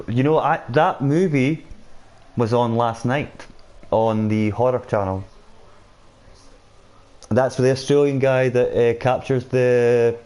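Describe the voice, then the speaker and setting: A male gaming streamer casually chats with viewers during play, reading their comments aloud. His voice is mellow and mid-range.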